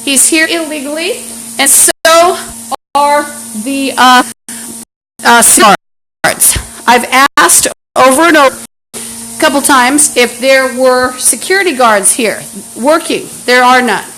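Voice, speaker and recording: A woman's voice: high-pitched, a little slow, bright, forceful tone, a little hiss or hum, poor audio. A woman talking into a phone on a live stream at home, in an agitated, rambling monologue full of restarts. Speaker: livestreamer. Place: apartment indoors. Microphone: phone camera app. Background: fan and running water.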